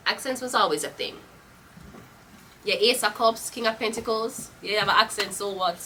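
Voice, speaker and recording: This tarot reader is a Jamaican-accented woman who delivers her readings in a casual, blunt, profane manner, drifting into patois. She speaks in a mid-range voice at normal speed with a sharp tone. Her voice sounds slightly off-mic, and there's a faint hiss or hum.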